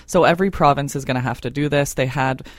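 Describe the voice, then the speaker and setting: A woman legislative reporter on a podcast panel, explaining things briskly. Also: very deep voice, dry recording.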